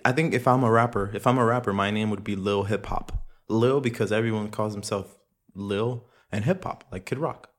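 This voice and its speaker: A man's voice: on the low side, moderate pace. Profane, rambling young man podcasting. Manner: profane, rambling, laughs often. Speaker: podcast host. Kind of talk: casual solo podcast monologue. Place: home room with echo.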